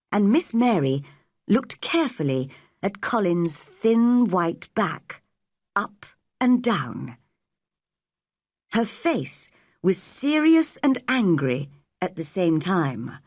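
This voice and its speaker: Slow, deliberate woman storyteller. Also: lowish voice, no room sound, studio quality. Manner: clear and deliberate. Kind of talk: slow storybook narration for English learners.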